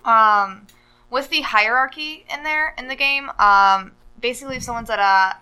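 A woman talks casually on a podcast, wandering through her point with many "uh"s and "like"s. Her voice is bright and crisp, with a smooth, clean tone. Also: fairly high pitch, normal speed, low-quality recording. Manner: rambling, full of "uh" and "like". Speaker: podcast co-host. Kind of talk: casual chat.

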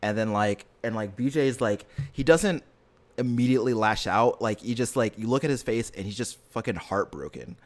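A man's voice: lowish voice, expressive, moderate pace. A man in casual chat, retelling a story earnestly in a rambling way with lots of fillers and restarts. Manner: earnest and emotionally invested.

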